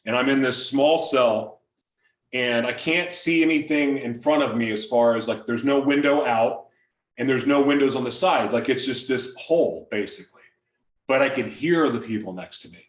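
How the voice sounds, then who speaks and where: A man, a podcast guest, giving a frank, confessional personal testimony in blunt everyday language. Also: medium pitch. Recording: roomy sound, distant from the mic.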